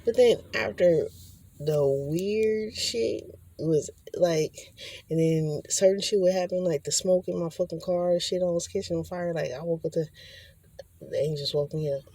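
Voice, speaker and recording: Husky, profane woman rambling. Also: on the low side, unhurried, mellow, no echo. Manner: profane, rambling, acts out quotes. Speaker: spiritual vlogger. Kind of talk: casual rambling monologue.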